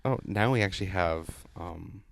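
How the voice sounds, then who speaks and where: A man's voice: low voice, normal speed, vocal fry, background noise. Young man steering a podcast chat. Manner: steady, reads out stats, steers the talk. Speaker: podcast co-host. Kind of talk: casual chat.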